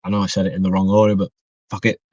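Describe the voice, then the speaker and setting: A young man's husky voice sits low, barely moving in pitch as he talks fast. He's a guest wrestler from northwest England on a casual podcast, rambling with lots of fillers and restarts. There's no room sound, and the recording is dry, dull and muffled.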